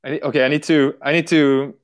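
A man's voice: on the high side, flat delivery, fast. Rambling Swedish man hosting a podcast. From Sweden. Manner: rambling, profane, many fillers. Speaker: podcast host. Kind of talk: casual chat.

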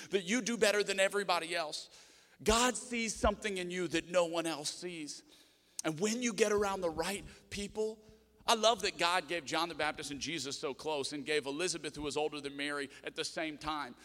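A man's voice: high voice, a bit bright. A middle-aged man, a pastor, preaching a sermon and telling stories with self-mocking humor. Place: church auditorium. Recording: long reverb in a church hall.

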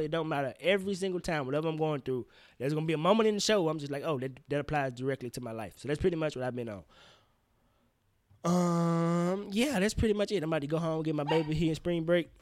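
A man hosting a casual solo podcast, rambling in slang with profane, animated outbursts. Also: on the high side, racing, no room sound. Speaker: podcast host.

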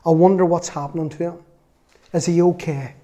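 A man's voice: a little high, steady tone, fairly quick, mellow, close to an everyday voice. A man playing an elderly father in a parable, speaking with heartfelt, exclamatory emotion. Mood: worried. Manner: fretful, then exclaiming with emotion. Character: anxious, overjoyed old father awaiting his son.

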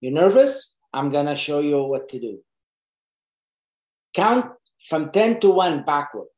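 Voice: mid-range voice, big pitch swings, a little slow, darkish tone. An earnest presenter giving casual, unscripted job-interview advice, repeating key points for emphasis. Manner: loose, unscripted phrasing with frequent restarts. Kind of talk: casual advice talk to camera. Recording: roomy echo.

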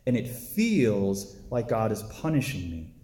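A man's voice: fairly low pitch, sing-song, measured pace, warm tone, roomy sound. A man giving a casual, conversational sermon, telling a story with lots of filler words. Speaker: preacher.

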